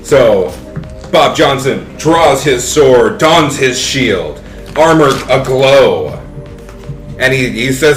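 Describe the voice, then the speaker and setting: Dude running a tabletop game, swears a lot, lively voice, echoey room, music behind. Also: male voice, medium pitch, takes it slowly. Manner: profane, animated storytelling. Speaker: game master.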